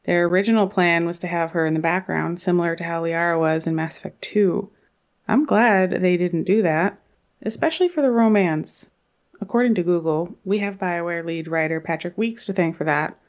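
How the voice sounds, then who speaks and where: Podcast co-host, woman, jokey casual chat, slightly low pitch. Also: normal speed. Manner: playful, joking, laughs often.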